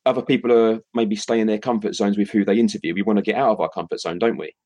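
A British man with a low, husky voice co-hosts a casual live stream. He reads out viewer comments, pausing often with ums and restarts. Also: fairly even intonation, a little mellow. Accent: British English. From Britain. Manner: hesitant, lots of ums and restarts. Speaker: co-host of a crypto live stream.

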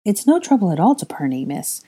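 A woman's voice: lowish voice, very animated, fairly quick, dark tone, slightly rough, pitched above the performer's own voice. A woman doing an eager little house-elf. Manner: eager and servile. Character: small, eager female house-elf servant.

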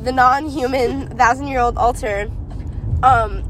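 A woman's voice: sits high, steady tone, measured pace, fairly bright tone. A young American woman co-hosting a casual podcast chat, rambling and giggly with lots of fillers. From United States. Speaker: podcast co-host.

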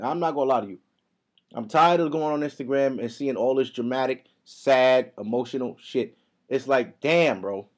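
A young man hosting a podcast in a casual, profane, heated rant, talking fast. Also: medium pitch, a little mellow. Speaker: podcast host. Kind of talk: casual ranting monologue.

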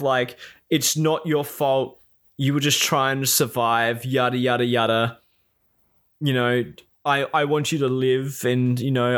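A man talks through a show's plot in a loose, casual way. He is openly exasperated and curses freely. He drops into quick snippets of the characters' voices as he goes. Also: mid-range voice, a bit bright. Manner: profane, exasperated, acts out quoted lines. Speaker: reviewer recapping a show. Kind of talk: casual spoken recap.

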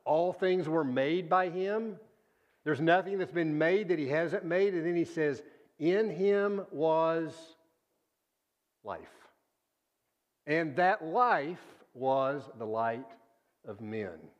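A man preaching a sermon, earnest and deliberate, often sinking to a hushed low voice on key words. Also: lo-fi sound.

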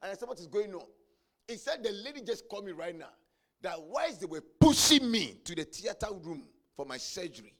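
A man preaching a sermon, telling a story and building to shouted climaxes. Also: high-pitched, big pitch swings, fairly quick. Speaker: pastor.

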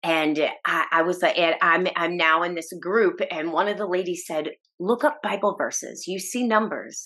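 A woman's voice: on the low side, moderate pace, fairly bright tone. A woman telling her faith testimony as a podcast guest, earnest and emotional, with restarts and short laughs. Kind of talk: personal testimony in a podcast interview.

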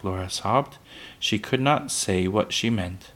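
A man's voice: deep voice, a bit bright. Man reading a children's book aloud. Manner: unhurried, with small slips and self-corrections.

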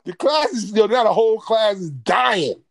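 A man telling a stand-up story, animated and profane, getting loud and laughing as he talks. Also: sits high, normal speed, creaky, crowd noise. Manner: gets loud and excitable, often laughing mid-sentence. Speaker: comedian.

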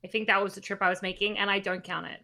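A woman's voice: mid-range voice, rapid-fire, creaky, a little hiss or hum. A woman, chatting casually and telling stories. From Australia. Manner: chatty, animated storytelling. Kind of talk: casual chat.

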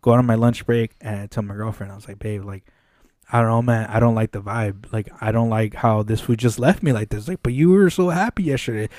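Mellow-voiced man telling a story. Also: on the low side, fairly quick, no room sound, studio quality. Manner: animated, swears often, acts out quoted dialogue. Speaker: podcast co-host. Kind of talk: casual storytelling chat. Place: podcast studio.

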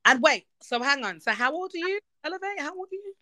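A woman hosts a casual podcast chat, teasing and swearing with big energy. Her voice sits high and leaps all over the place. The sound is dry and close. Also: fast talker, no room sound. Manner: animated, profane, teasing. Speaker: podcast host.

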